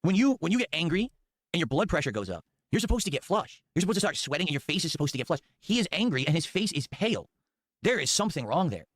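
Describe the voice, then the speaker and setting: A man's voice: on the high side, fast talker, dry recording, clean studio sound. A man hosting a commentary show, reacting to clips in a mocking, rambling way. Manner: mocking, animated, rambling asides. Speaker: commentary channel host.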